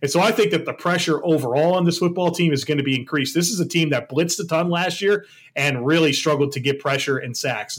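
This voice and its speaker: Dude cohosting a football podcast, slightly high voice, talks confidently, calls his buddy brother. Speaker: podcast co-host. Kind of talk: casual sports podcast chat.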